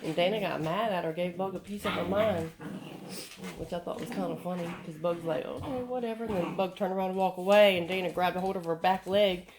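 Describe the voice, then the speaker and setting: Woman dog trainer rambling casually at home w her dogs, lower voice, folksy. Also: steady tone, brisk, noisy background.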